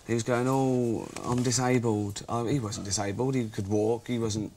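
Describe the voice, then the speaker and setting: A man's voice: on the low side, steady tone, brisk, a little mellow. Rambling, offhand Englishman in a noisy recording. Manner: rambling, offhand, laughing at his own jokes. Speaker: comic guest. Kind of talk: improvised deadpan comedy chat.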